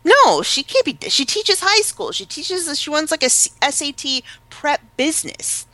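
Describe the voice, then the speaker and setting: A woman chatting casually as a podcast co-host, animated and gossipy, acting out the people she quotes. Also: high voice, moderate pace, dry recording. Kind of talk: casual chat.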